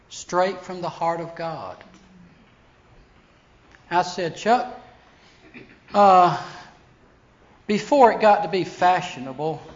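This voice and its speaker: A man preaching a storytelling sermon, animated, acting out the voices of people he quotes. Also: on the high side. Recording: dull lo-fi sound with faint hiss.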